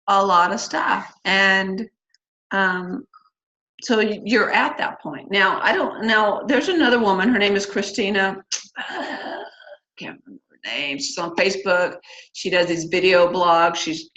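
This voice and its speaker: A woman's voice: mid-range voice, sharp tone. A middle-aged woman hosting a church singles class, talking casually and candidly with many fillers and asides. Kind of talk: casual talk to a church group. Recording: slightly dull lo-fi recording.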